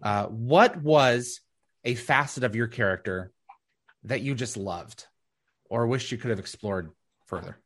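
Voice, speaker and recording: A male host moderating a panel over a video call, with halting, hesitant phrasing. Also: medium pitch, fairly bright tone.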